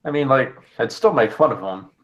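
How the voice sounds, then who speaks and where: A man co-hosting a livestreamed talk show. He teases the others with dry, deadpan jokes in a casual tone. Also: medium pitch, brisk, highs cut off. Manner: teasing, dry humor. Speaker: podcast co-host. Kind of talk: casual debate chat.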